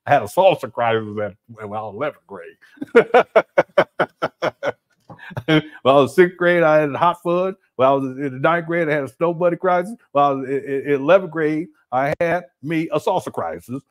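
A man's voice: fairly high pitch, normal speed. A man hosting a casual livestream, reading the chat aloud, laughing often and using slang as he calls his viewers family.

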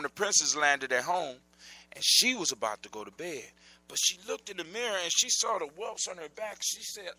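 A man's voice: sits high, no echo. A man telling a folk story live, talking straight to his listeners. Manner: animated, addresses listeners directly.

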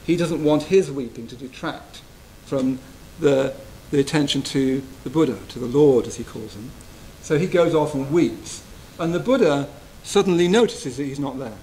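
A man giving a gentle, reflective Buddhist retreat talk, often checking in with his listeners. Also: mid-range voice, moderate pace, few pauses, a little hiss or hum, rough recording. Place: retreat hall.

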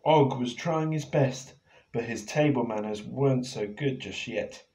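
A man reading his picture book aloud to children in a playful, expressive way, now and then turning to ask them questions. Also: mid-range voice, a little slow. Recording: echoey room.

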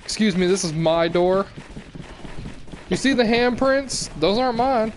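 A man's voice: high voice, animated, measured pace, slight background noise. A man casually joking and boasting his way through a game as host of a gaming video. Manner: joking, mock-boastful, swearing.

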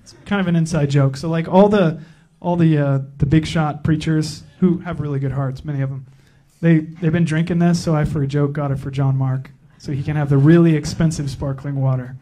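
A man at a church pulpit gives a loose, joking introduction, stumbling through fillers and restarts. His voice sits a little high for a man but has a soft, mellow tone. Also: steady tone, fairly quick, few pauses. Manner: joking, rambling, with many fillers. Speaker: church pastor introducing a guest speaker. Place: church sanctuary.

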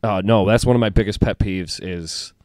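A man who does stand-up comedy, chatting casually on a podcast and telling blunt, profane stories with lively quoted voices. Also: fairly low pitch, moderate pace, dry recording, studio quality. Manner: blunt, profane, animated storytelling. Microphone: close desk mic.

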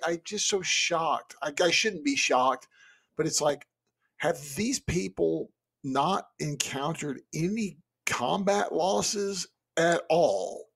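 A man co-hosting a book podcast, reacting in loose, animated chat full of restarts. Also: on the high side, slow pace, gravelly, husky. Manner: animated, rambling, many restarts. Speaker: podcast co-host. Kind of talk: casual chat.

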